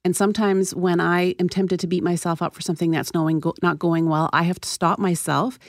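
Give me a woman, a therapist guest on a radio talk show, explaining in a calm, measured way. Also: on the low side, dry recording, studio quality.

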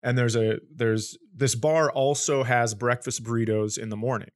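A man's voice: mid-range voice, moderate pace. A man telling a long comic story on a podcast, acting out the quoted lines and laughing as he goes. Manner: animated anecdote with quoted voices and laughter. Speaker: comedian guest.

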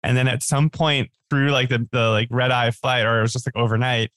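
A man's voice: medium pitch, little pitch movement, a little fast, a bit bright, no echo. Chatty man telling food stories, dry close sound. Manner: chatty storyteller, many likes and restarts. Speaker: podcast guest. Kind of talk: casual chat.

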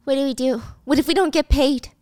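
A woman voicing a fragile, self-pitying young mistress who speaks in a soft, pleading way. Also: high-pitched, brisk, no room sound, studio quality, lightly acted. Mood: anxious.

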